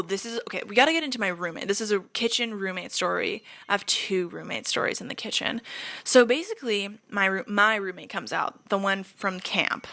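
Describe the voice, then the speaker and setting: Young woman podcast host with a bright voice, casual and chatty, swears freely and plays out what people said. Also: mid-range voice. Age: young adult. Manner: acts out quoted lines with voices. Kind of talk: casual storytelling chat.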